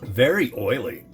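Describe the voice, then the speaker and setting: A man's voice: medium pitch, fairly bright tone. A man who reviews instant noodles, chatting casually and rambling to his viewers as he cooks and tastes. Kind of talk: casual chat while cooking and tasting.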